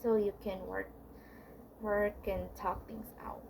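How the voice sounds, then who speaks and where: A woman's voice: medium pitch, flat delivery, slow pace, creaky, noisy background. A woman vlogger giving heartfelt relationship advice in a casual, confiding monologue, rambling with frequent restarts and fillers.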